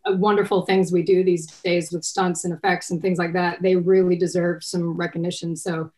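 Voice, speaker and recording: A woman's voice: lowish voice, little pitch movement, moderate pace, darkish tone. A middle-aged woman from Texas, an actress chatting casually in an interview, rambling with many restarts and fillers. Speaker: actress guest.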